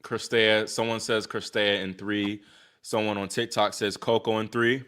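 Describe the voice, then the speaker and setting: A young man from Virginia hosting a casual live stream, chatting excitedly with viewers, sighing and exclaiming as he reacts. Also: lowish voice, unhurried, clear, resonant tone. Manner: excitable, talks to chat, sighs and exclaims. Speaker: livestream host reacting to tennis.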